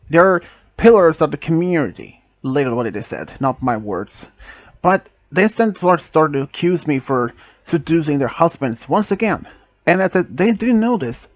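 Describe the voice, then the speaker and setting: A man casually narrating a first-person story, halting and restarting often, with non-native phrasing. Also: fairly high pitch, no room sound.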